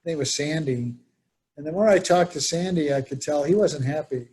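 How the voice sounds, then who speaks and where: This man presents a workshop in a conversational style, storytelling and performing the quoted voices of the people in his anecdotes. He speaks at a moderate pace in a slightly high voice with a darkish tone.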